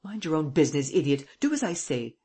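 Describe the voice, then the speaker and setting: Reader doing a cocky gentleman burglar, husky. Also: mid-range voice, very animated, heavily acted. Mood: impatient. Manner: brisk, mocking, commanding. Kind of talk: audiobook dialogue reading.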